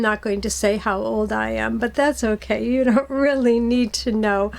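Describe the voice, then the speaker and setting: A middle-aged woman telling a story to children, gentle and patient, asking them questions as she goes. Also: mid-range voice, fairly even intonation, unhurried, gravelly, hardly any pauses.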